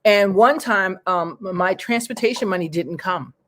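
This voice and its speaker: Woman from new york hosting a chat show, rambly storyteller, mid pitch, keeps restarting lines. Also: moderate pace. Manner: rambling, restarts sentences, lively retelling. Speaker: talk show host. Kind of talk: casual interview chat, personal storytelling.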